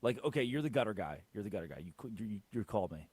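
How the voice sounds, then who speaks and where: A man hosting a sports radio show in casual studio chat, animated and putting on a southern drawl for bits. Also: on the low side, quick pace, husky, no echo. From Arkansas.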